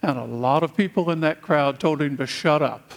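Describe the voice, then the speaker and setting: A man from the United States preaching a sermon, speaking in slow, deliberate phrases with long pauses. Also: fairly high pitch, vocal fry.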